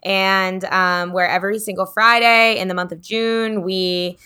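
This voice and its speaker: A woman hosting a podcast in an upbeat, casual way. Her voice is bright and clear, with a crisp, smooth tone. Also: medium pitch, fairly even intonation. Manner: upbeat, reads a list quickly. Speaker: podcast host.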